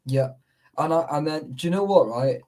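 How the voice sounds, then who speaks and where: A man's voice: on the high side, expressive, normal speed, darkish tone, low-quality recording. A man chatting casually on a live stream, telling rambling stories full of fillers. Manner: rambling storyteller, many fillers. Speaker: urban explorer host.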